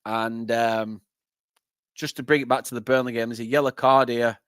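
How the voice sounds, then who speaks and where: A young northern English man hosting a live football watchalong, chatting with viewers and breaking into excited play-by-play. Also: mid-range voice, normal speed, clean tone, no echo, clean studio sound. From northern England. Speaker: fan channel host.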